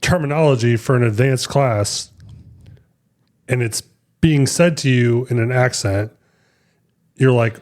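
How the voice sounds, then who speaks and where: A man's voice: mid-range voice, unhurried, long pauses, a little mellow. Rambling man co-hosting a casual podcast. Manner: rambling storyteller, many fillers and restarts. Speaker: podcast co-host. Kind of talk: casual chat.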